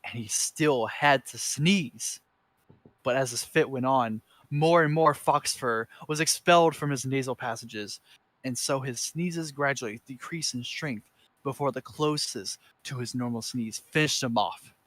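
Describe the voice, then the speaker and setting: A man's voice: medium pitch, a little slow, fairly bright tone, dry recording. A man reading fanfiction aloud for laughs, in dramatic narration with stumbles and self-corrections. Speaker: reader.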